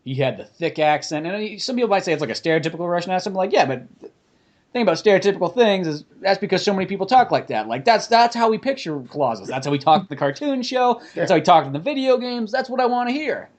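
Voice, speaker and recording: Guy hosting a podcast, swears a lot, voice jumps all over, kinda high. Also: fast talker. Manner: animated, profane, rambling. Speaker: podcast host. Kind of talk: casual chat.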